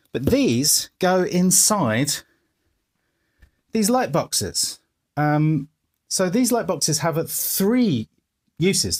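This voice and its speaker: A man gives a casual walkthrough of his music studio, explaining his gear piece by piece in a chatty way. His voice sits at an ordinary middle pitch, and the sound is an indoor studio room. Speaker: musician giving a studio tour.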